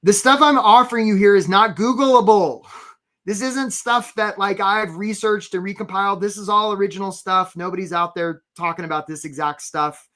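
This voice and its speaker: Coaching job seekers in a live webinar, this man keeps things chatty and playful, tossing in theatrical asides and repeatedly checking in with "right?" He speaks at normal speed in a high, bright voice with a forceful tone.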